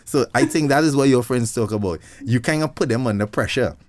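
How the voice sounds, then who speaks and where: A man co-hosting a casual talk show, animated and laughing often as he makes his points. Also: medium pitch, fairly quick, dry recording, soft background music. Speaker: podcast co-host. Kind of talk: casual conversation.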